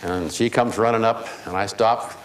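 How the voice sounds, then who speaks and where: A man delivers a keynote speech built on humorous personal stories. His voice sits on the low side. It carries a long reverb from a large hall, with faint noise underneath. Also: steady tone, moderate pace. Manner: humorous, anecdotal. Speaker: keynote speaker. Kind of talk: storytelling speech.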